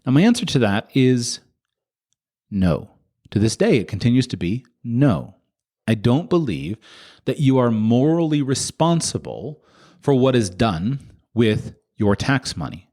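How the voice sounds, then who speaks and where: With a sing-song voice and a measured pace, a male podcast host delivers an impassioned monologue. He asks rhetorical questions over and over, his pitch jumping sharply.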